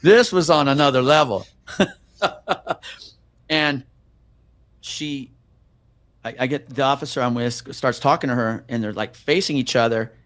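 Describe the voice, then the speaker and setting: With a mid-range voice and a measured pace, a middle-aged police officer pauses often as he tells a story; there's no room sound. The interview is casual, and he's profane and animated, performing the voices of those in his tale.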